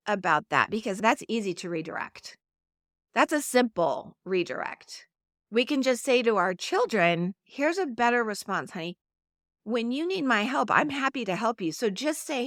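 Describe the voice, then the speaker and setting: A woman's voice: fairly high pitch, fairly bright tone, dry recording, clean studio sound. A middle-aged woman hosting a solo podcast, talking in an earnest, conversational coaching tone. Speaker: podcast host.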